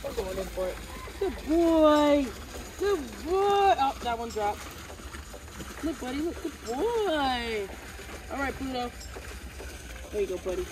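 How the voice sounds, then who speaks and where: A woman vlogging casually and cheering a pet on in a playful, loud way. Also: sits high, very animated, a little slow, long pauses, noisy background. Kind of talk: casual vlog chat. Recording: background music over the voice. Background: music.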